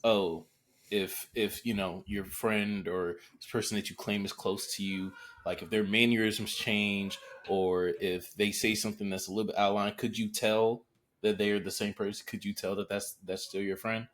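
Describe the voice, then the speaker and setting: A man's voice: lowish voice, little pitch movement, moderate pace, fairly bright tone. A man on a casual podcast who talks in a laid-back, musing way. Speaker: podcast co-host.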